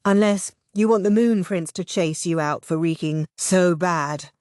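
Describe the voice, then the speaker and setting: A woman's voice: on the low side, measured pace, darkish tone, no room sound, clean studio sound, close to an everyday voice. A woman voicing a playful, theatrical young woman who drawls and chirps in a sing-song way.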